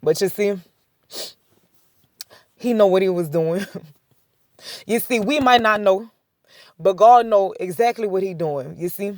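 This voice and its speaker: A woman's voice: medium pitch, unhurried, long pauses, a little mellow, dry recording, clean studio sound. Woman giving a chatty faith testimony. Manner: repetitive, conversational storytelling with many "I said" asides; chuckles between points. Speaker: faith vlogger. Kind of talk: casual spoken testimony.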